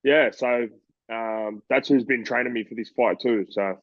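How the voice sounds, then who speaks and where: Australian boxer telling stories, rambling. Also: male voice, medium pitch, unhurried, dry recording, highs cut off. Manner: rambling, animated storytelling with voices. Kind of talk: casual interview talk.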